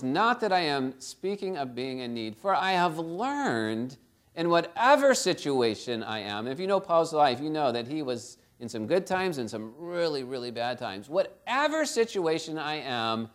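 A middle-aged pastor with a fairly high voice and big pitch swings preaches a conversational sermon at a measured pace. He keeps checking in with "right?" and acts out the quotes he tells.

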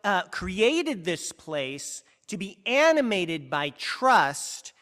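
Expressive high-voiced preacher in an echoing hall. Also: male voice, very slow. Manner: earnest, emphatic, with frequent restarts. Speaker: pastor. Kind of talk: sermon.

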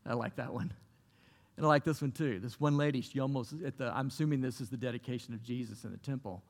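Gravelly-voiced pastor preaching in a hall. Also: male voice, mid-range voice, fast talker. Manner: earnest, conversational preaching with repeated phrases. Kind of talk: sermon.

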